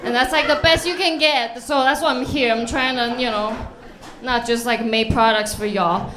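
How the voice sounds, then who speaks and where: A woman doing a nervous, halting stand-up set on a club stage. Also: on the high side, fairly even intonation, noisy background. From Taiwan. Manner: nervous, halting, lots of ums. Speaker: open-mic comedian. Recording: echoey club with audience.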